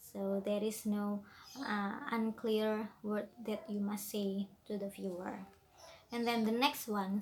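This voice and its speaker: Slow-speaking Indonesian woman teaching. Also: medium pitch, fairly bright tone, a little hiss or hum. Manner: slow, deliberate, frequent fillers. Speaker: presenter giving tips. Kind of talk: explanatory lesson.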